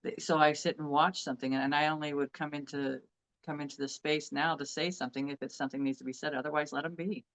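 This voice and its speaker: Earnest middle-aged woman sharing warmly. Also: low voice, steady tone, fast, poor audio. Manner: earnest, heartfelt, with restarts. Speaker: co-host. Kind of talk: casual chat.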